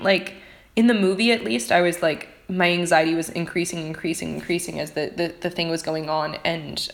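A woman with a slightly low voice reviews a book in an unscripted ramble. She hedges and restarts constantly with fillers and drops the odd swear word. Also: reverberant. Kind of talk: casual vlog rant.

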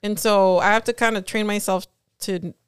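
A woman's voice: medium pitch, steady tone, smooth, dry recording, clean studio sound. Frank woman in casual podcast chat. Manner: frank, swears freely, quick interjections. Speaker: podcast host.

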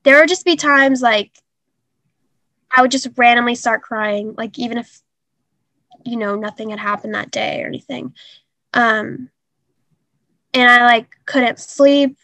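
A young woman telling a painful personal story in an interview, halting and earnest with many fillers. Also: fairly high pitch, pushed and bright, dry recording. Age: young adult. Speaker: guest.

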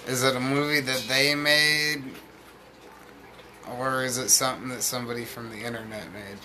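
A man's voice: mid-range voice, fairly even intonation, moderate pace, pushed and bright, a little hiss or hum. A man hosting a podcast in loose, profane casual chat, laughing often. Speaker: podcast host.

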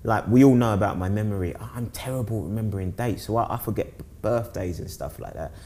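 Deep-voiced man with a London accent. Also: fast talker. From South East London, England. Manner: rambling, repeats words and restarts often, animated when telling stories. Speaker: guest. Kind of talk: casual conversation.

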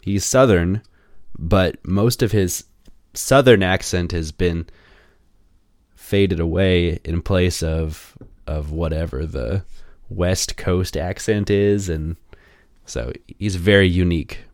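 Deep-voiced Midwestern man, slow and dry. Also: darkish tone, no echo. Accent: Midwestern American. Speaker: podcast co-host. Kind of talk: casual chat.

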